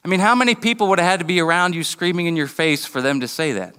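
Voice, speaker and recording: A man's voice: a little high, fast talker, sharp tone, clean tone. A man preaching a sermon in a conversational, storytelling way, often restarting his sentences. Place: church hall. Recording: long reverb of a hall.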